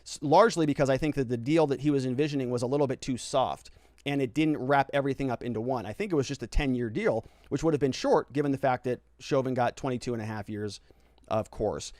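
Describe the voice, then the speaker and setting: A man's voice: medium pitch, quick pace, a little mellow, no room sound, studio quality. A man hosting a casual legal commentary livestream, reading viewer comments aloud and answering them in a conversational way, often tagging his points with "right?" and restarting his phrases. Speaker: lawyer and legal commentary host.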